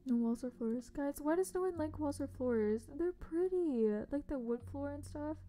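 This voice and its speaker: A young woman with a high but soft, mellow voice chats casually with viewers while she plays a game. She sounds bubbly and friendly, often sinking into a hushed whisper. Faint music plays in the background. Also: animated, moderate pace. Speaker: game streamer. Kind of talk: casual livestream chat.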